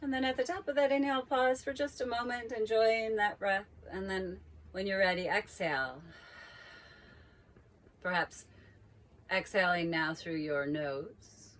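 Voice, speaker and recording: A woman yoga teacher calmly leading a guided breathing practice with slow, drawn-out cues. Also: medium pitch.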